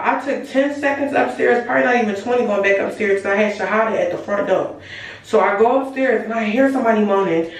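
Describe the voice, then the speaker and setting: A teenage girl tells a story to her viewers, animated and full of profanity, speaking straight to the audience as "y'all." Her voice sits at an ordinary middle pitch. It sounds like she is some distance from the mic in a very echoey room. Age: late teens. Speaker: storytime vlogger.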